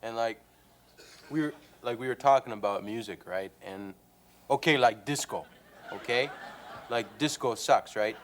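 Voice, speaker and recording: A man's voice: mid-range voice, unhurried, pauses often, fairly bright tone, slight background noise. A man hosting a comedy sketch, rambling and hesitant with many fillers.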